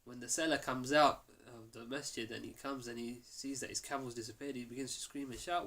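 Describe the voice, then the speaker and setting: A man teaching a mosque class, telling the story in a lively way and acting out the quoted lines. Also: medium pitch, fairly quick, hardly any pauses. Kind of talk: storytelling lesson.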